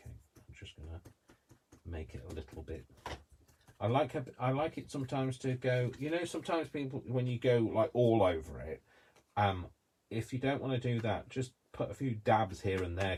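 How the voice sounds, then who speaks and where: Man, Coventry accent, low pitch, casual crafting tutorial, rambling. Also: darkish tone, a little hiss or hum. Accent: Coventry English. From Coventry, England. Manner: chatty, rambling, talks to himself while working.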